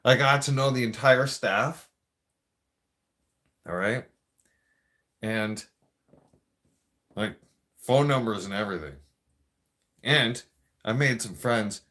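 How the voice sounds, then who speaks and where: A man's voice: mid-range voice, slow, long pauses, fairly bright tone. A man telling a profane, rambling story in a casual rant. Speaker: vlogger.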